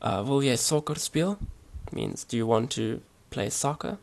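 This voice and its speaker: Casual home-made language lesson: man, mid-pitched, gravelly, halting delivery. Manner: relaxed, hesitant, many fillers and restarts. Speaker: language teacher.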